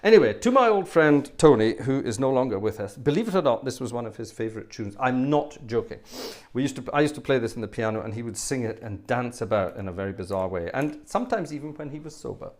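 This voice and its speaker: A man's voice: mid-range voice, lively intonation, quick pace, a little mellow. Rambling man telling wry anecdotes. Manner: rambling anecdotes with fillers and asides; wry, self-deprecating humour. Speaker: livestream host and organist. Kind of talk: casual storytelling.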